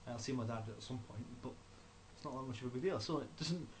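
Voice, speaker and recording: A young man co-hosting a casual podcast, jokey and quick with banter. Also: medium pitch. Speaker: podcast co-host. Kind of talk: casual chat.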